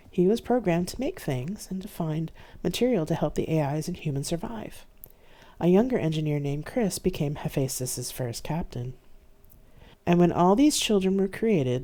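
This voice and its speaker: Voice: mid-range voice, mellow. An author reading their own science fiction novel aloud on a live stream, telling the story steadily in the first person.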